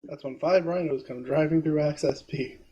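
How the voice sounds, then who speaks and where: A man's voice: fairly high pitch, normal speed, dark tone, slightly rough, highs cut off. A man playing in a tabletop game, giving brief answers and wisecracks. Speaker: player. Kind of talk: casual tabletop game chat.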